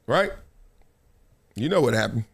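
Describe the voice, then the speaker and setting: A man's voice: mid-range voice, unhurried, creaky. A man hosting a show, telling a story in a casual, slangy way, with repeated phrases and voices for the people he quotes. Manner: animated, acts out quotes in voices. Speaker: show host.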